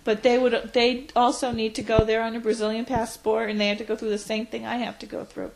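A woman's voice: on the high side, little pitch movement, fairly quick, vocal fry, background noise. Reflective woman in her forties. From United States. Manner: reflective, hesitant with frequent fillers. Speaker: interviewee. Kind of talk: oral history interview.

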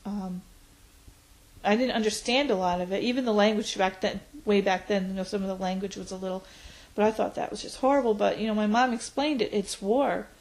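A woman's voice: medium pitch, fairly even intonation, fairly quick, a little mellow, low-quality recording. Reflective woman in her forties. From United States. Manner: reflective, hesitant with frequent fillers. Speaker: interviewee. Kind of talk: oral history interview.

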